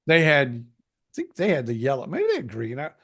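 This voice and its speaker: An older man co-hosting a podcast in casual chat, rambling and pausing to search for words. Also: medium pitch, huge pitch swings, a bit bright, breathy edge. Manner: rambling, hesitant, many "uh" pauses. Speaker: podcast co-host.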